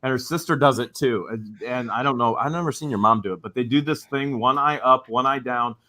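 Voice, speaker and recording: A man co-hosting a casual live-stream chat, animated and prone to loud mocking impressions. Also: mid-range voice, fairly quick, dry recording. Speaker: show co-host.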